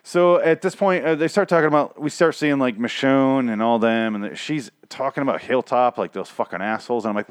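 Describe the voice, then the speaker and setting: A man's voice: mid-range voice, fairly quick, smooth, no room sound, studio quality. A man hosting his own podcast, recapping a show in a rambling, profane, joking way, his voice strained and shaky from singing days before. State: strained, recovering voice. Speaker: podcast host. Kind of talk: casual solo show recap.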